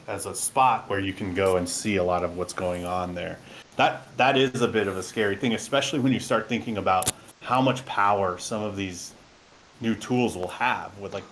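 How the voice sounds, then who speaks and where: A man presenting a technical software overview and answering questions, talking enthusiastically and loosely with plenty of fillers. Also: low voice, slight background noise.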